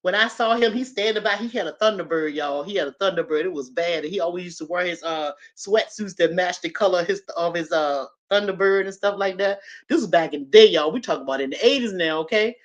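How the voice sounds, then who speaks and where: A woman in her fifties telling a personal story in a casual, animated way, talking straight to her listeners. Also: on the low side, fast, hardly any pauses. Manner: animated, chatty, addresses listeners directly. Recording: slightly dull lo-fi audio.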